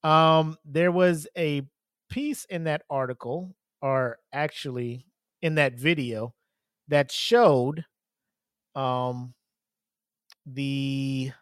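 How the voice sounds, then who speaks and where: Man, solo podcast host, loose and profane, middle pitch, dry close sound. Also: steady tone, very slow, pauses often, clear, resonant tone, dry recording. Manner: profane, laughs often, rambling with fillers. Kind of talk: casual solo podcast commentary.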